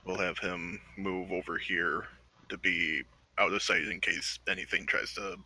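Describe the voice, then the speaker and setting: A man's voice: low voice, fairly even intonation, measured pace, sharp tone, no room sound, poor audio. A man playing in a tabletop game, chatting casually and thinking aloud. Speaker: player.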